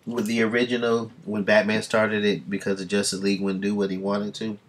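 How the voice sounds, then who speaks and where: A man reading comics aloud on a stream, rambling through enthusiastic fan asides and dropping into quick voices for the characters. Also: on the low side, monotone, a little hiss or hum. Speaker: comic book reader and streamer. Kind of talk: casual comic reading commentary.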